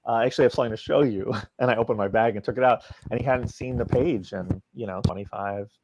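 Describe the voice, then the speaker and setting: A man's voice: medium pitch, fast talker, noisy background. A man, a comic book writer guest in a podcast interview, telling a casual anecdote and acting out the quoted dialogue. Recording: dry, dull lo-fi sound.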